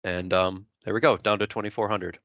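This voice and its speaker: A man's voice: deep voice, fairly even intonation, fairly quick, a bit bright, no echo, dull audio. Methodical man talking through an example. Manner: methodical, thinks aloud while sketching, frequent "right?" and "so". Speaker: engineering instructor. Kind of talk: screen-recorded lecture, working through an example.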